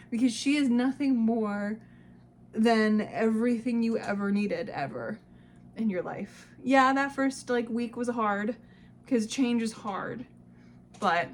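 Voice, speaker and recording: Young woman vlogger, somewhat high voice, warm casual chat that keeps breaking into laughs and tears. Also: a little hiss or hum. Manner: emotional, laughs and cries easily, swears casually. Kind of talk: casual vlog, talking to her past self.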